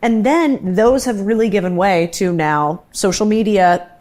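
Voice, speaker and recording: A woman's voice: mid-range voice, measured pace, a little mellow. A woman interviewing a guest in casual chat, framing long, thoughtful questions.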